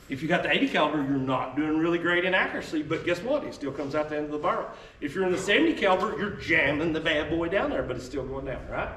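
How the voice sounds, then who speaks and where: A man's voice: a little high, fairly bright tone, slight background noise. Folksy man teaching in an echoey room. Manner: folksy, joking, tangent-prone storyteller. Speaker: historical arms presenter. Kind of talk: casual teaching talk to an audience. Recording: echoey room, mic far off, faint ambience.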